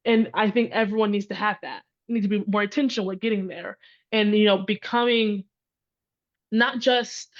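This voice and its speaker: A woman speaking as a panel guest, encouraging and listing her ideas in quick series. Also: mid-range voice, steady tone. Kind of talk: reflective panel talk. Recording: dull lo-fi sound.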